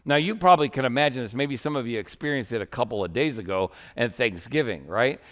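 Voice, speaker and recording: A man's voice: medium pitch, lively intonation, fast, fairly bright tone. A male pastor preaching a sermon in a conversational way, often checking in with "right?" and acting out little scenes. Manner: conversational, asks "right?" often, acts out quoted voices.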